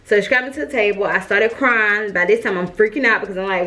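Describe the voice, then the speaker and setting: A woman's voice: mid-range voice, fast talker, few pauses, sharp tone. A woman vlogger casually telling a personal story straight to her viewers, chatty and full of fillers, while she straightens her hair. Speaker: mom vlogger.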